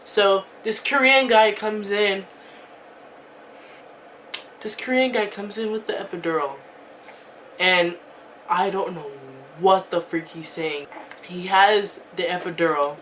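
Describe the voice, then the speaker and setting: A woman's voice: mid-range voice, slow, pauses often, a bit bright, distant mic, slight background noise. Chatty teen girl telling a story. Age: teens. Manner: chatty, lots of "like" and "um", laughing asides. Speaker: vlogger. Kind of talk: storytime vlog.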